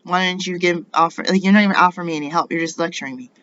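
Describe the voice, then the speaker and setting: A woman's voice: on the low side, very fast, a bit bright. Middle-aged American woman, rambling and indignant monologue, muffled recording with light hiss. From United States. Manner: indignant, rambling, rhetorical questions. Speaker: vlogger.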